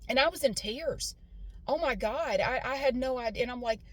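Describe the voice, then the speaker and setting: A woman with a somewhat high voice tells a personal story in a casual, candid way and does not hold back on swearing. She talks from inside a car, and a vehicle can be heard behind her. She acts out other people's lines as she goes. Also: moderate pace. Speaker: vlogger telling a personal story. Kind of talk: casual storytelling while driving.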